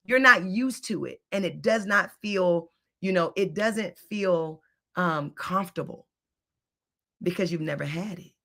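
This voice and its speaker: A middle-aged woman giving an emphatic, animated motivational talk as a spiritual coach and host, with casual slang and frequent restarts. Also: fairly low pitch, measured pace, gravelly.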